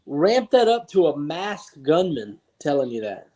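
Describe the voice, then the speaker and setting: A man's voice: a little high, very animated, measured pace, warm tone. A man in a casual chat, talking in an aggrieved, laid-back way and saying "dude" a lot. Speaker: podcast guest.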